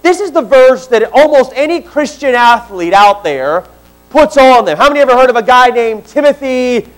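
A man's voice: very high-pitched, lively intonation, moderate pace, faint music behind, low-quality recording. A man preaching a sermon to a church congregation, talking conversationally and joking with the people in the room. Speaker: pastor. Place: church sanctuary.

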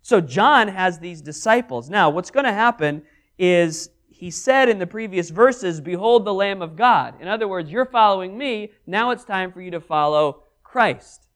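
A man's voice: high-pitched, moderate pace. A man preaching a Bible study sermon, reading verses aloud and acting out the dialogue in them. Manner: animated, acts out scripture dialogue.

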